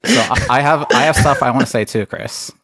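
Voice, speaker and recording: A man's voice: medium pitch, a little fast, fairly bright tone, husky, no room sound. A man hosting a podcast in playful, teasing casual chat, laughing between lines. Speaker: podcast co-host.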